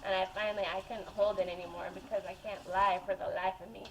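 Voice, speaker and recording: A woman's voice: medium pitch, little pitch movement, fast talker, a bit bright, slight background noise. Chatty woman in an echoey kitchen. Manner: chatty, rambling, laughs while telling stories. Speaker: home cooking vlogger. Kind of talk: casual storytelling while baking. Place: home kitchen.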